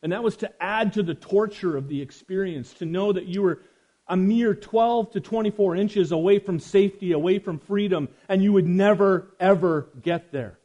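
Man preaching, fairly high voice, dramatic loud-to-hushed swings, talks straight to the congregation. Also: normal speed, muffled recording. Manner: addresses listeners directly. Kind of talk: sermon.

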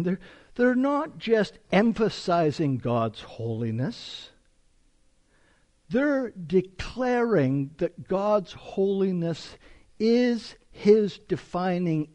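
A man's voice: high voice, darkish tone. A man preaching an expository sermon as a pastor, reading scripture aloud with emphasis and explaining it to a congregation.

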